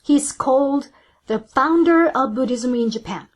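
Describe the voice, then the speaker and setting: A woman giving a Buddhist dharma talk, explaining calmly and asking rhetorical questions. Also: high-pitched, a little slow. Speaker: Buddhist teacher.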